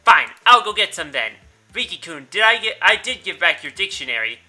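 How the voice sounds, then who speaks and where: A man's voice: high-pitched, very animated, fairly quick, sharp tone, faint music behind, full character voice. A man reading a playful teenage schoolgirl in a visual novel, in a perky, teasing way.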